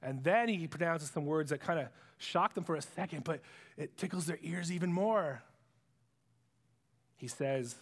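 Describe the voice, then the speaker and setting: A male preacher retells a Bible story as a sermon in a high voice. He swings dramatically between hushed lows and excited peaks, and his voice trails off in the long reverb of a large hall. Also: unhurried, pauses often.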